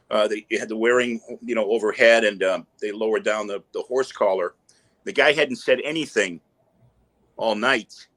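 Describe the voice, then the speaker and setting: A man's voice: on the low side, fairly bright tone. A man guest on a podcast, telling stories with feeling and many small restarts. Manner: emotional storyteller, tells jokes with acted-out voices. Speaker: guest, entertainer and veteran advocate. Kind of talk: storytelling interview guest.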